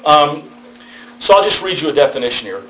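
A man's voice: on the high side, fairly quick, a little hiss or hum, rough recording. A middle-aged man, a pastor, giving a conversational theology lecture, checking in with his listeners as he goes. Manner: conversational, animated storytelling with tag questions.

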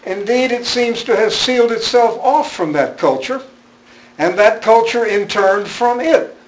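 A man's voice: very high-pitched, measured pace, a little hiss or hum, low-quality recording. An older man giving a public philosophy lecture, wry and rambling, with a self-deprecating manner. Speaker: guest speaker, philosophy professor. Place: lecture room with audience.

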